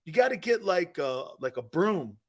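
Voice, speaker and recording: High lively joking sports talk man. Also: normal speed. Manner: joking, laughing, rambling. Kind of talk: casual sports talk show.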